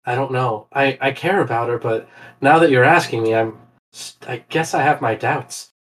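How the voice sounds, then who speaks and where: A man playing a young starship pilot who talks haltingly about his doubts. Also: medium pitch, a bit bright, a little hiss or hum, close to an everyday voice. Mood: unsure. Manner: halting, hesitant, with restarts. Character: young male starship pilot, torn and unsure.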